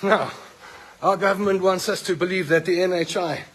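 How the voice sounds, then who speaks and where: A man's voice: sits high, fairly even intonation, normal speed, fairly bright tone. A man, filming himself on a phone in a hospital ward as a patient, speaking bluntly and with indignation and repeating himself when he gets worked up. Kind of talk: angry phone-video rant. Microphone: phone held by the speaker. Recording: echoey ward with long reverb and faint noise.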